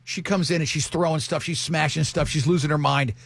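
A man hosting a morning radio show, telling animated, joking stories in casual banter. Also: fairly high pitch, brisk, vocal fry, no echo.

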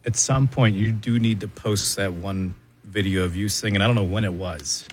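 Wry co-host with faint room noise. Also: male voice, lowish voice, steady tone. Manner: wry, quick one-line quips. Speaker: radio co-host. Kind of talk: casual studio banter.

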